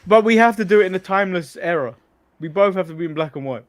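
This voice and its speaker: A man's voice: sits high, lively intonation, fast talker. An English man co-hosting a casual wrestling podcast, joking, swearing freely and laughing often. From England. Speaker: co-host.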